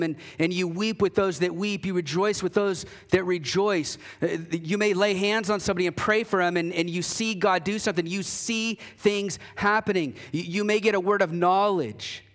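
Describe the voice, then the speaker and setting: A pastor preaching a sermon in a church, talking conversationally and emphatically, acting out quoted voices, with frequent restarts. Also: male voice, sits high, a bit bright. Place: church sanctuary.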